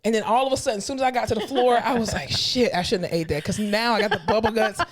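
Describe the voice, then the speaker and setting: A woman's voice: a little high, fairly even intonation, very fast. A woman co-hosting a podcast, telling blunt, profane work stories with laughing asides in casual chat. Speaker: podcast co-host.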